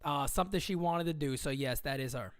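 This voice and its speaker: A man's voice: a little high, brisk, clear, resonant tone, no echo, studio quality. A young man hosting a casual sports livestream, rambling and joking as he reads out viewer comments. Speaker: livestream host.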